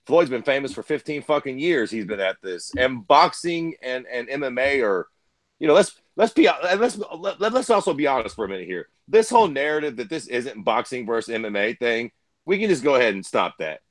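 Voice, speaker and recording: A man's voice: mid-range voice, very animated, a little fast, no echo. A man from Ohio co-hosting a fight talk show, ranting bluntly and crudely. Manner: blunt, crude, heated rants. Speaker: co-host. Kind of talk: profane casual chat.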